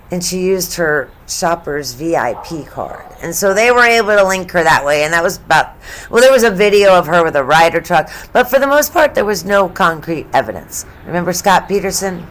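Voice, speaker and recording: A woman in her fifties with a lowish voice talks straight into the mic, hosting her own true crime commentary. She is blunt and casual, swears freely and chuckles at dark details. A faint hum sits under her voice. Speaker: true crime channel host. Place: home studio.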